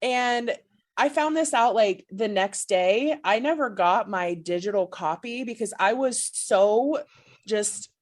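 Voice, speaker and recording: A woman telling a story on her podcast, giggling all the way through. Her voice sits at an ordinary middle pitch and keeps bubbling with excitement. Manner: gushing, giggly, breathless storyteller. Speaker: podcast co-host.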